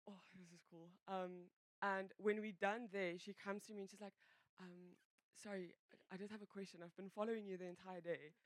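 A woman sharing a personal testimony in a church, talking in loose, self-interrupting runs full of fillers. Her voice sits in an ordinary middle pitch. The sound is dry and close, with almost no room echo. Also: fairly bright tone. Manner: rambling, self-interrupting storyteller, many fillers. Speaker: church member giving a testimony.

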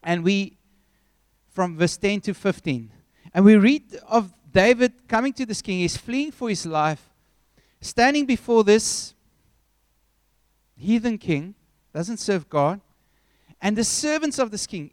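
A man preaching a sermon, telling a story with animated, acted-out scenes. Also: sits high, unhurried, clear, resonant tone, no room sound.

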